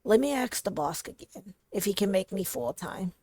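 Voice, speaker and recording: A woman reading aloud as a worried, practical young immigrant husband, in a soft, subdued voice, a little lower and slower than her own. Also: expressive, no echo, natural voice. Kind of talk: reading game dialogue aloud.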